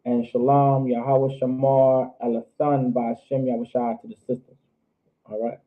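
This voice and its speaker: Male instructor running a class, repeats each phrase slowly; thin, phone-line audio. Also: mid-range voice, little pitch movement. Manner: repetitive, drills phrases slowly syllable by syllable. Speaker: language teacher. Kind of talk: online class lecture.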